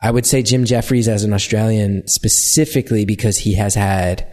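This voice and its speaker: American male comic, warm low-key tone, lively self-deprecating anecdotes. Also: normal speed. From United States. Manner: animated self-deprecating storytelling. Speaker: comedian guest. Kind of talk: casual interview chat.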